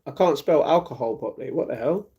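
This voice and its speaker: A man's voice: a little high, expressive, quick pace, breathy edge, dull audio. A young man hosting a casual livestream, chatting loosely and replying to viewers' comments one after another. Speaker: livestream host reading chat.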